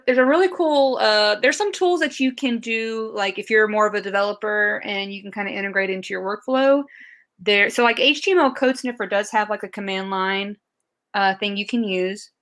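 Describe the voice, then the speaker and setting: Chatting casually as a podcast guest, this Southern US woman rambles through her explanations, full of fillers and false starts. Her voice is medium in pitch and slightly bright.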